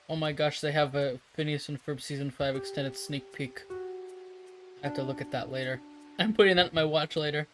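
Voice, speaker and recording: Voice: medium pitch, steady tone, unhurried, faint music behind, rough recording. A streamer chatting casually with viewers while drawing, rambling, laughing often and swearing freely.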